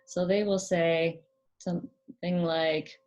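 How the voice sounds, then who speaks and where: A woman hosting her own channel, explaining things gently in a casual monologue, often hesitating with ums and restarting her sentences. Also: lowish voice, level tone, takes it slowly. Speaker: channel host.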